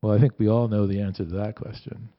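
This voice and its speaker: A man's voice: lowish voice, fast. A man preaching a sermon in a conversational way, raising his voice to act out quoted lines. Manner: conversational, animated quoting with rising voice. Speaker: pastor. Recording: dull lo-fi sound.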